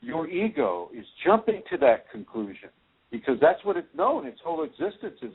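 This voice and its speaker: A man's voice: on the high side, sing-song, moderate pace, breathy edge. A man hosting a spiritual radio show, speaking straight to the listener and reassuring them as he answers their questions. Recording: tinny phone-line radio audio.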